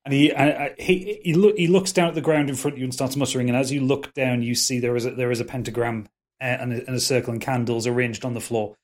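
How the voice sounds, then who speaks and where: A man's voice: mid-range voice, fairly even intonation. A man narrating a tabletop game as game master, often restarting and stumbling over words. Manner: halting, many restarts and fillers.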